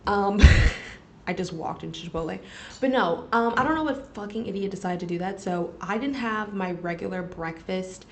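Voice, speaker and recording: A young woman chats casually as a podcast host, animated and full of laughs and curse words. She speaks at a middle pitch. A faint hum of room noise sits behind her. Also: moderate pace. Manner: animated, swearing, laughing, talks to viewers as "girl". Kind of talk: casual storytelling chat. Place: library study room.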